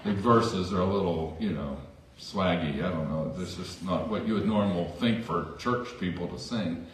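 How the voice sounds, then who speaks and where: A man's voice: sits low, moderate pace, far from the mic, a little hiss or hum. A man preaching a sermon as pastor in a church, conversational with self-deprecating asides. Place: church sanctuary. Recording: echoey church hall from afar.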